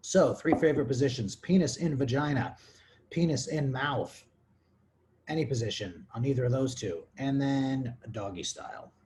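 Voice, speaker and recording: Drunk and crude, a podcast host from Texas rambles through listener questions in a comedic, casual monologue. He has a medium-pitched, darkish voice with lively intonation and a moderate pace, over slight background noise.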